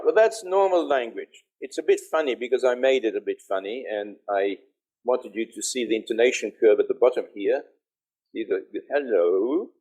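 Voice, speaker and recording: A man's voice: on the low side, a little mellow. An older man, a professor, giving an online conference lecture and explaining step by step while checking that listeners can hear him.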